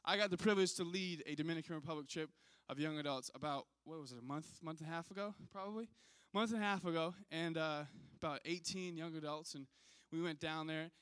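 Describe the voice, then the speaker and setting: A male pastor telling a funny story in a sermon, animated and self-mocking, often checking in with the audience. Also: fairly high pitch, fast, hardly any pauses, clear, resonant tone, dry recording.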